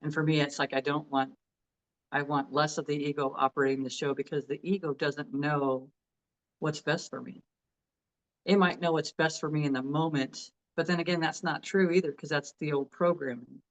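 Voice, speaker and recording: A man's voice: on the high side, steady tone, moderate pace, rough recording. A man co-hosting a casual spiritual chat, musing loosely and swearing casually. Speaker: podcast co-host.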